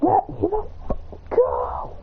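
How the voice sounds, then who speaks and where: Brief: woman playing a hot-headed young man, trapped and yelling, lively pitch, faint hiss behind. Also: takes it slowly, creaky, full character voice. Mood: angry. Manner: yelling and cursing. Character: furious trapped young man with fire powers. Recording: tinny phone-like line with faint noise.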